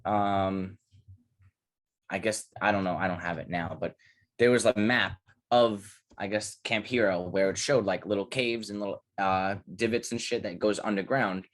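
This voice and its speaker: Low-voiced rambling podcast co-host man. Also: moderate pace. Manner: rambling, profane, animated storytelling. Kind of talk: casual chat.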